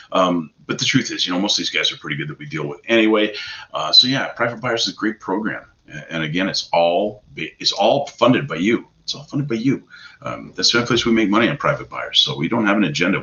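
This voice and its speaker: A man's voice: low-pitched, pushed and bright, highs cut off. A middle-aged man hosting a casual question-and-answer show, blunt, profane and pushy like a salesman. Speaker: host of a hot tub advice show. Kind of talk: casual live Q&A talk.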